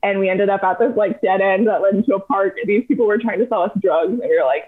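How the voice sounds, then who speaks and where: A young woman spins lively stories as a podcast guest. She talks casually, throwing in plenty of fillers. Her voice sounds thin and narrow, as if heard over a phone. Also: medium pitch, fast talker, hardly any pauses. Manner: animated, chatty, many fillers. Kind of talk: casual storytelling chat.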